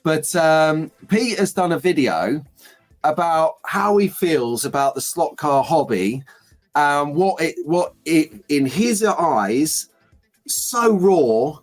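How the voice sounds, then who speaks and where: Man, friendly rambling host, slightly high voice, faint music under. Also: expressive, slow. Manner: chatty, rambling, jokey banter. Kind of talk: casual live-stream chat.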